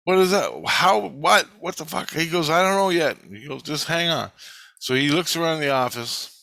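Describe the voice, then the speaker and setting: A man's voice: on the high side, normal speed, vocal fry, pushed and bright, no echo. A man casually telling a first-person story, swearing freely and acting out the quoted dialogue as he goes. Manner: profane, retells events with acted-out quoted dialogue.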